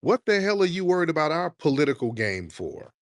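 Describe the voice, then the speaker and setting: A man's voice: a little high, big pitch swings, brisk, no room sound. A man hosting a heated call-in show, arguing and mocking a caller with repeated insults. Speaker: host.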